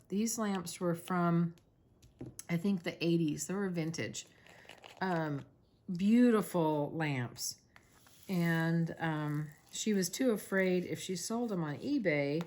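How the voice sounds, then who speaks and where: Slow rambly lady chatting away while crafting, lots of ums, lowish voice. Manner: rambling and chatty, many fillers. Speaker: crafting channel host. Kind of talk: casual chat while diamond painting.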